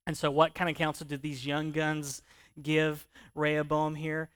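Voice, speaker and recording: A pastor preaches a sermon in a conversational, animated way, often asking his listeners questions. His voice is fairly high and a little slow.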